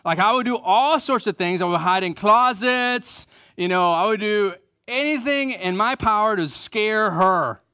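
Middle-aged pastor guy, kinda high voice, repeats his points, self-deprecating jokes, dry close sound. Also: unhurried, sharp tone, smooth, dry recording. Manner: repeats key phrases for emphasis, self-deprecating humor. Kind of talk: conversational sermon.

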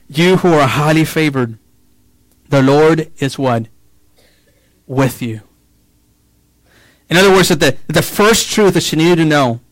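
A man preaching a sermon as pastor, moving between slow, quiet emphasis and rising, excited passages, with casual asides and repeated words. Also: medium pitch, dry recording, poor audio.

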